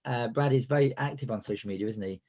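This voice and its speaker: Guy with a cold hosting a webinar, talks fast, warm low-key voice, lots of uhs. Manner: chatty, with frequent fillers and restarts. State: has a cold and a cough. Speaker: business coach hosting a webinar. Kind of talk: live webinar presentation.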